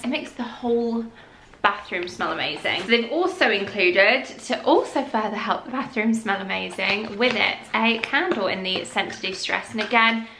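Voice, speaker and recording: A young woman chatting casually through a haul vlog, sometimes dropping to a whisper. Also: mid-range voice. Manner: chatty, drops to a whisper at times. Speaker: vlogger. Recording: echoey room with faint noise.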